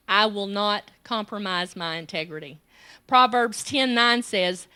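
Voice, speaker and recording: A woman's voice: measured pace, sharp tone. A woman, delivering a sermon at a women's conference, telling personal stories and acting out the voices in them. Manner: storytelling, acts out quoted child and self in high pitch. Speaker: women's ministry director, conference speaker.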